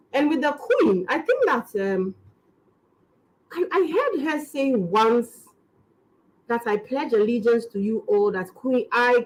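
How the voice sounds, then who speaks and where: A Ghanaian woman with a Ghanaian English accent and a fairly high voice appears as a comedian guest in an interview, chatting casually. She rambles and laughs her way through animated stories. The audio is poor, with slight background noise.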